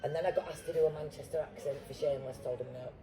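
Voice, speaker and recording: A woman's voice: sits low, steady tone, racing, a loud crowd, low-quality recording. A middle-aged woman with a Yorkshire accent, a guest actor telling stories in a casual chat, blunt and swearing freely.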